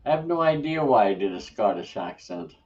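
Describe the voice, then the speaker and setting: A man co-hosting a casual live-stream chat, easygoing and quick to laugh at himself. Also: medium pitch, animated, a little mellow. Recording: dull lo-fi audio, off-mic.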